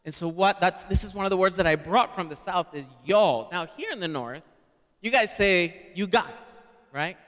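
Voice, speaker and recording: A man's voice: high-pitched, expressive, fairly quick, hardly any pauses, fairly bright tone. A man preaching a sermon to a live congregation and having them repeat words back. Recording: long hall reverb.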